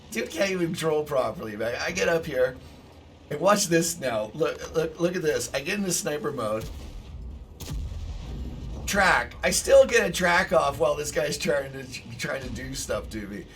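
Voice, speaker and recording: A man giving casual commentary over his own gameplay, excitable, swearing and bursting into shouts. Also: on the high side, measured pace, distant mic, a little hiss or hum.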